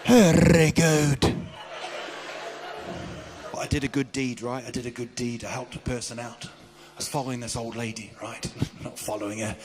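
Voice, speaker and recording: A man doing a stand-up comedy set, telling stories in a loud, animated way with shouted bits. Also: medium pitch, fairly quick, hardly any pauses.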